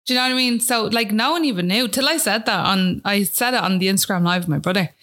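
Here a guest, an Irish woman, relates something from her own life in a loose, filler-heavy style, leaning on "like" and "do you know what I mean." Her mid-range voice moves at a quick pace with a fairly bright tone.

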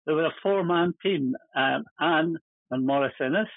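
An older man tells rambling stories as an interview guest, laughing softly as he goes. His voice is husky and a little high. It comes through a thin, phone-like line with no room sound. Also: measured pace, dry recording. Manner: rambling, chuckling anecdotes. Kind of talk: casual storytelling.

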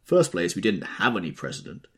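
A man voicing a brusque, impatient wealthy young man in an audiobook reading, delivered sharply and forcefully. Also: sits low, sing-song, fairly quick, husky, heavily acted.

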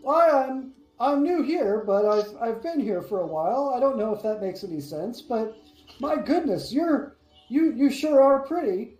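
A woman's voice: fairly high pitch, animated, darkish tone, voice pushed up. A woman voicing an awkward, naive young man who stammers and speaks with earnest hesitance. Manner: halting, stammering, overly earnest. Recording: echoey room with faint music.

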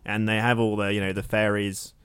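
A man's voice: fairly low pitch, level tone, a little fast, a bit bright, clean tone, dry recording. A man co-hosting a podcast, joking about films in a dry, sarcastic way. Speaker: podcast co-host. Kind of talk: casual film review chat.

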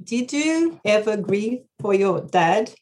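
A woman in the audience asking the author a question, speaking haltingly and searching for her words. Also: mid-range voice, expressive, darkish tone.

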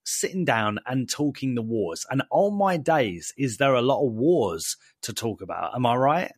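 A man's voice: mid-range voice, normal speed, breathy edge, dry recording, studio quality. A young British man co-hosting a podcast, chatting casually with playful slang and jokes. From United Kingdom. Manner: lively, jokey, playful slang. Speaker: podcast co-host.

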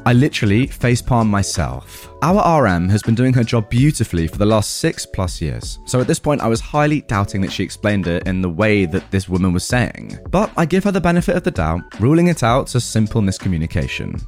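Wry, lively man telling a work story. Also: on the low side, fairly quick, hardly any pauses, faint music behind. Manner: wry, exasperated. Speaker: hotel restaurant manager. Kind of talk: storytelling narration.

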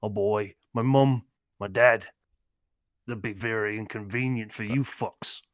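A man's voice: lowish voice, steady tone, a little slow, no room sound, clean studio sound, close to an everyday voice. A man voicing a menacing little girl who talks like a swearing gangster in a tabletop game. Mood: threatening. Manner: threatening, swearing, tough street talk.

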